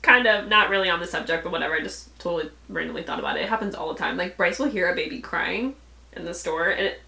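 A woman's voice: fast talker, gravelly, sharp tone. A young adult woman co-hosting a podcast, blunt and profane in casual chat. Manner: blunt and swears freely, acts out voices in high squeals. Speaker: podcast co-host. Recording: echoey room.

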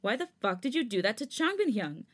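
A woman's voice: on the high side, very animated, brisk. A woman voicing an angry, protective young man in a fanfic reading, demanding answers and cursing. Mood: furious. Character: furious protective young man confronting a rival.

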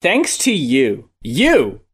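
Slow-talking man ranting about an album. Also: medium pitch, wildly swooping pitch, breathy edge. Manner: laughing, exasperated, swearing. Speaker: podcast co-host. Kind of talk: casual album review chat.

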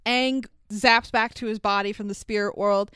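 A woman co-hosting a podcast, recapping an animated show in casual chat, animated and swearing constantly with frequent laughs. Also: medium pitch, moderate pace, clear, resonant tone, dry recording. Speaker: podcast co-host.

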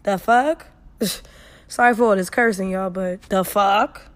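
A young adult woman hosting an advice podcast, reading listener emails and giving blunt, profane, animated advice. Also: mid-range voice, takes it slowly. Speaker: podcast host.

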